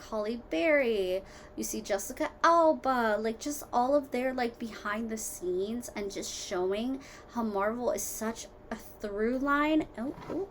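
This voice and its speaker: A woman hosting her own podcast from home, rambling casually through tangents with lots of fillers, jumping between loud exclamations and quiet muttered asides. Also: a little high, slight background noise. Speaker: podcast host. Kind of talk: casual solo podcast chat.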